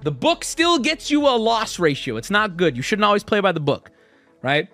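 A man's voice: high-pitched, moderate pace, no echo, soft background music. A man in his thirties casually telling a swear-filled story, acting out what people said. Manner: animated, swears often, acts out quotes.

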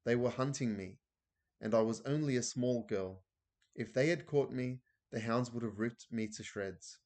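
A man's voice: mid-range voice, normal speed, a little mellow, lightly acted. A man reading aloud as an elderly grandmother who tells a thrilling adventure story breathlessly.

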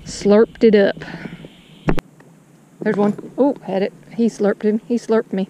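A chatty woman narrates while fishing from a kayak outdoors. She talks to the fish and her viewers with folksy phrases. Wind and water noise sit clearly behind her voice. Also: mid-range voice, steady tone, slow, mellow, poor audio. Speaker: fishing vlogger.

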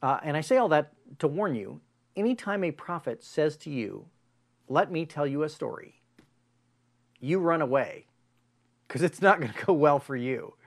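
Male pastor preaching, animated storyteller, higher-pitched voice. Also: moderate pace. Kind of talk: sermon.

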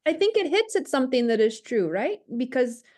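Thoughtful, fairly high-voiced woman. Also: big pitch swings, fairly quick, darkish tone. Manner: thoughtful, reasoning aloud with hedges. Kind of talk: casual interview conversation.

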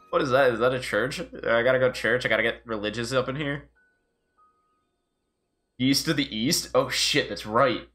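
A man's voice: mid-range voice, a little slow, long pauses, bright, forceful tone, faint music behind. A man streaming a video game live and chatting casually, joking and swearing freely as he plays. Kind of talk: casual live gameplay commentary.

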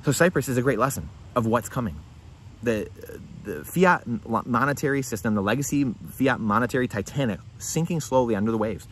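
A male vlogger speaks straight to camera at a rapid clip, hammering points home through repetition and rhetorical questions. His delivery is emphatic and urgent. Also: mid-range voice, lively intonation. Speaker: finance vlogger. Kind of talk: direct-to-camera commentary.

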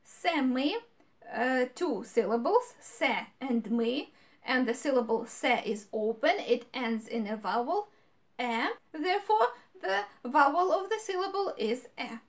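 A woman's voice: high-pitched, expressive, unhurried. A woman giving a grammar lesson, explaining patiently and repeating example words. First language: Ukrainian. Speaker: language teacher.

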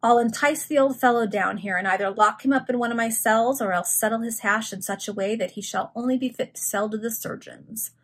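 A woman's voice: fairly high pitch, fairly quick, few pauses, a bit bright. A woman reading aloud, voicing a cool, menacing male villain who robs graves. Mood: scheming. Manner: menacing, growling.

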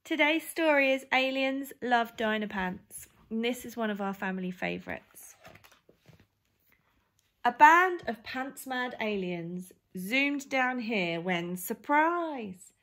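Sing-song woman reading to children. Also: fairly high pitch. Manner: expressive, sing-song rhyming read-aloud. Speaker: storyteller for a family charity. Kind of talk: reading a picture book aloud to children.

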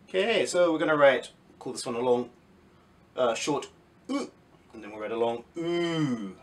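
A man teaching a children's phonics lesson, sounding out letters slowly and clearly, and asking and answering his own questions. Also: mid-range voice, sing-song, a little hiss or hum.

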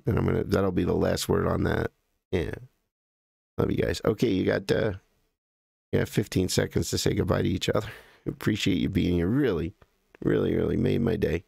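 An American man hosting a live stream, chatting casually and in a halting, rambling way as he greets viewers by name. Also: deep voice, fairly even intonation, vocal fry, darkish tone, slightly rough, no echo, studio quality.

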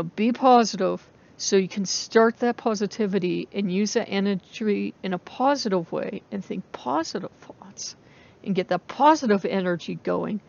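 A woman's voice: medium pitch, creaky, darkish tone. A woman who runs a pagan vlog, chatting casually and rambling as she talks to her viewers, with frequent laughs. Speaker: pagan vlogger. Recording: dull lo-fi recording.

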